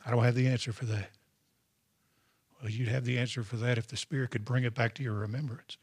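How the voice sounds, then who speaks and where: A man's voice: mid-range voice, fairly even intonation, quick pace, husky, no echo. A male pastor preaching a sermon, calling out to the congregation for responses. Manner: preaching with call-and-response asides.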